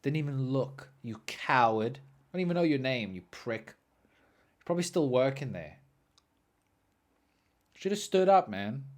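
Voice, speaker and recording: A young man hosting a podcast, telling stories in an animated, swearing, ranting way. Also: mid-range voice, a little slow, long pauses. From South Africa. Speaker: podcast host. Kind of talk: storytelling monologue.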